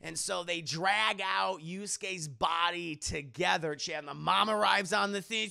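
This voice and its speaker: A man recapping an anime episode on a live stream, casual, animated and profane. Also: high-pitched, unhurried, gravelly, few pauses.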